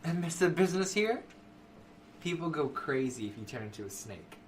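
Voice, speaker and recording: A man's voice: on the high side, big pitch swings, normal speed, pitched above the performer's own voice. Man doing a laid-back scarred young dancer woman, easygoing, faint background hiss. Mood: casual.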